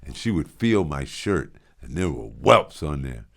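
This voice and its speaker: A man in his sixties hosting his own show, telling a long personal story casually, with big swings in loudness and lots of restarts. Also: very deep voice, sing-song, a little slow, gravelly. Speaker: show host.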